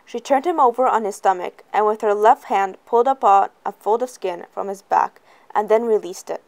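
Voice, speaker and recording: A woman reading a chapter aloud as an audiobook. Her voice sits at an ordinary middle pitch, steady and plain, keeping an even pace through the narration. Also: moderate pace, gravelly. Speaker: reader.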